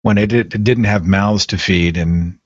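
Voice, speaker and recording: A man's voice: lowish voice, a little slow, no room sound, highs cut off. A man hosting a podcast, chatty and playful in a casual interview. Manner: chatty, playful, self-deprecating. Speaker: podcast host.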